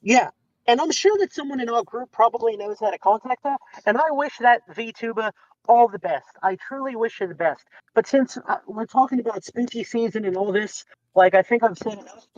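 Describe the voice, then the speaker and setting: A man guest telling a long story in casual chat, rambling and animated, acting out the lines of others. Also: extremely high pitch, brisk, no room sound. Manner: rambling, animated retelling with quoted dialogue. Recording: slightly dull lo-fi sound.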